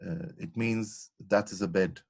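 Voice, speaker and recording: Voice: deep voice, steady tone, unhurried, creaky, darkish tone. Hesitant student reading aloud.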